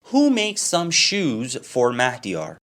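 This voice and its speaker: A man's voice: medium pitch, wildly swooping pitch, takes it slowly, a bit bright. A man telling a simple story as an English lesson, asking questions about it and answering them himself. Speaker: English teacher.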